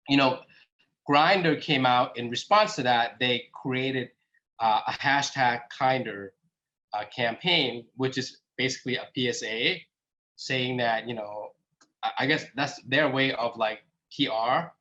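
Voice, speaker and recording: A man's voice: medium pitch, fairly bright tone. Chatty man telling a story, lo-fi. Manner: conversational, many fillers, acts out quoted exchanges. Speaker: speaker, app founder. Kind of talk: casual storytelling talk.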